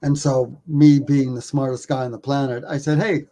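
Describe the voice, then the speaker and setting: Male podcast guest, mid-pitched, a casual and self-mocking storyteller who swears offhandedly. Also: flat delivery, normal speed, dark tone. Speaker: podcast guest, documentary filmmaker.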